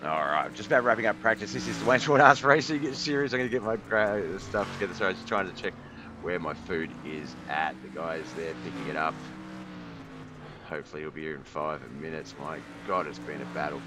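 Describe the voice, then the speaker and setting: A man's voice: deep voice, fairly quick, background noise. Scattered man hosting a sim race stream. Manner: scattered, apologetic, thinking aloud. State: hiccups. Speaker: race commentator and stream host. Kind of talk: live sim racing broadcast commentary. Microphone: headset.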